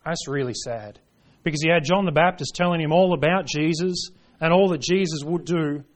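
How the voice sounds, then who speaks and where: A man preaching a sermon, reading scripture aloud and driving points home, swinging between hushed lines and forceful ones. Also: on the high side, moderate pace. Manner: reads scripture aloud in King James wording.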